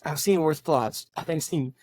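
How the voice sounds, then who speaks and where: A man's voice: on the high side, measured pace, a little mellow, dry recording. A man co-hosting a casual movie review podcast, talking animatedly and swearing as he retells scenes. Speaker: podcast co-host.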